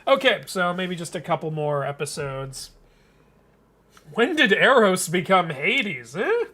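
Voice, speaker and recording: A man's voice: high-pitched, big pitch swings, measured pace, pushed and bright. A man hosting a live comic reading, chatting casually, joking and laughing often. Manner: chatty, laughs often, jokes about the story. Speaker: host reading a webcomic live. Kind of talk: casual live-stream commentary.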